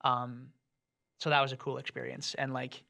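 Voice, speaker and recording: A man's voice: mid-range voice, little pitch movement, moderate pace, creaky, pushed and bright. A man in his twenties from Vermont, chatting casually in an interview and rambling with lots of "like" fillers. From Vermont, US East Coast. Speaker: student outreach producer.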